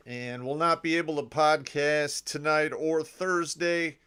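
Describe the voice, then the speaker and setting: A man hosting a casual podcast livestream, opening with a loud hearty greeting and then talking in a relaxed drawl. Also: a little high, a little slow, clear, resonant tone. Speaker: podcast host.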